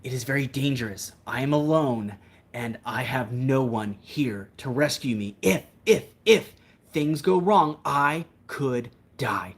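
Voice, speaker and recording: A man doing an impression of a dramatic male wildlife filmmaker alone among bears, speaking solemnly and breathlessly and sinking into hushed whispers. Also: mid-range voice, slightly rough, voice pushed up.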